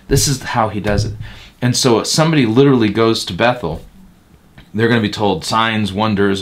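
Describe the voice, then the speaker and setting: A man who is a pastor, answering interview questions in a blunt, emphatic and critical way. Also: fairly low pitch. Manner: emphatic and blunt, slipping into mocking quotes of others.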